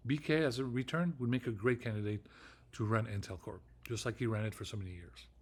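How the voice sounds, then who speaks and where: A man's voice: fairly low pitch, a little fast, husky. A middle-aged man delivering a rambling solo vlog monologue, ranting, swearing often and repeating himself with frequent restarts. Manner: ranting, profane and repetitive, with restarts. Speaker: vlogger.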